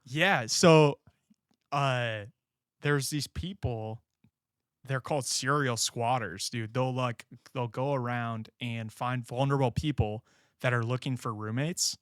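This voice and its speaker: A young man co-hosts a casual podcast, telling stories with plenty of laughter. He acts out other people's lines as he talks. His voice is mid-pitched and sits close and dry. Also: slow pace, smooth, dry recording. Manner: animated storytelling, laughing, acting out quotes. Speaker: podcast co-host. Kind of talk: casual chat.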